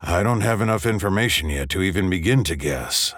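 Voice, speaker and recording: A man voicing a formal, shy male doctor who talks in a halting way, stammering with fillers. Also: sits low, expressive, a bit bright, no room sound, studio quality. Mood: flustered.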